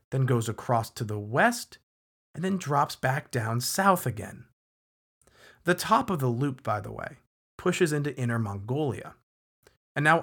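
A man's voice: medium pitch, fairly bright tone. A man hosting a history podcast, narrating in a casual, conversational way with emphatic asides to the listener. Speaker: podcast host.

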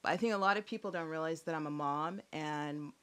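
A woman's voice: low-pitched, fairly quick, a bit bright, clean tone. A woman chatting as a podcast guest, rambling and giggly, often laughing and joking. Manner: giggly, rambling, jokes freely. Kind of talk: casual chat.

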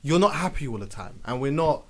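A man's voice: mid-range voice, big pitch swings, fast, fairly bright tone. A man, a podcast host and DJ, talking in a reflective, conversational way and agreeing often. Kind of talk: casual podcast chat.

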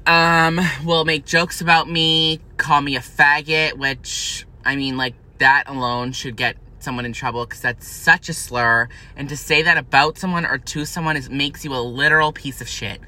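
A man's voice: fairly even intonation, normal speed, few pauses, sharp tone. Fiery, foul-mouthed young man ranting. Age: young adult. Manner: profane, fiery, swings into high shrill outbursts. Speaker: vlogger. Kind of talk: angry unfiltered rant to camera.

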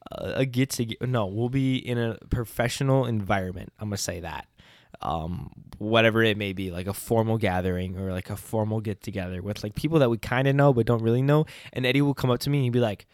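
Animated young man, laughing storyteller. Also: lowish voice, fast, no room sound, studio quality. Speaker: podcast co-host. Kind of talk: casual chat. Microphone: podcast mic.

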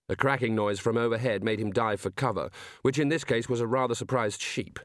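A man reading a novel aloud as an audiobook narrator, in measured storytelling. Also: lowish voice, dry recording, clean studio sound. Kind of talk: scripted narration.

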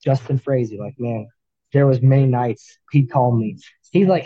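A man, a firefighter, talking earnestly as a podcast guest, with halting restarts. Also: mid-range voice, dry recording, phone-quality sound. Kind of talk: candid interview talk.

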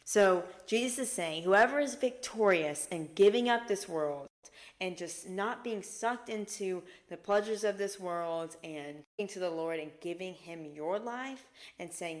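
An earnest young woman talks through scripture on her podcast, pressing each point with emphasis. Now and then she sinks to a soft hush to let a point land. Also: fairly low pitch, measured pace. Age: young adult. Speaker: podcast host. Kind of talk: faith podcast teaching.

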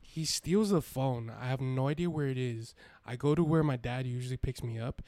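A man's voice: mid-range voice, dark tone, no room sound. A young man co-hosting a casual podcast, telling a rambling, profane story. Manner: rambling, profane, quick anecdotes. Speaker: podcast co-host.

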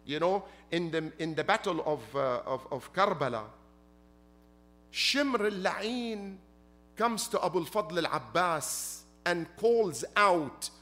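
A man's voice: sits high, lively intonation, takes it slowly, sharp tone. A man preaching a sermon as a sheikh, emphatic, repeating his points and asking rhetorical questions. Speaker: sheikh preaching at a Muharram gathering.

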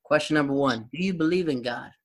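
A man's voice: a little high, fast talker. A man hosting a podcast, chatting casually and asking teasing questions. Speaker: podcast host. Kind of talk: casual interview chat.

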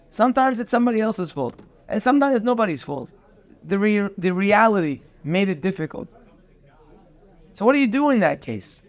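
A man teaching a daily Torah class, earnest and emphatic, repeating phrases for stress and mixing in Hebrew terms. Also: high-pitched.

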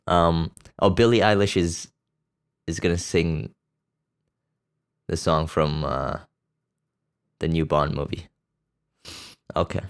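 Man, deep voice, smooth and resonant, casual crude podcast chat, rambling with fillers. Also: fairly even intonation, slow, long pauses. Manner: rambling, loose, with many fillers and restarts; blunt and crude. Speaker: podcast host. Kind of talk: casual profane movie chat.

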